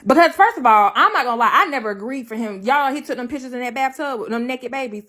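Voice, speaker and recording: A woman's voice: sits high, lively intonation, fast talker, fairly bright tone. A woman talking casually on a livestream, blunt and profane, hammering her points home by repeating them. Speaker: livestreamer telling her side of a breakup.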